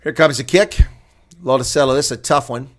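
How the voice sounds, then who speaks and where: A man doing live play-by-play and reaction for a rugby match, who builds to shouting on big plays, then drops to relaxed, chatty talk and replies to viewer chat. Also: mid-range voice, brisk. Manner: reads out and answers viewer chat.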